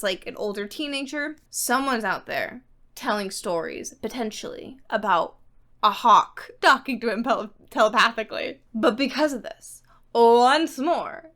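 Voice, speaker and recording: A woman reading vlogger giving a casual book recap and review, excitable and emphatic, swearing offhandedly. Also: fairly high pitch.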